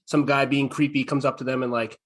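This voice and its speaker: A man hosting a podcast in casual chat, animated as he retells scenes and reads quotes aloud. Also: mid-range voice, a little fast. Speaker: podcast host.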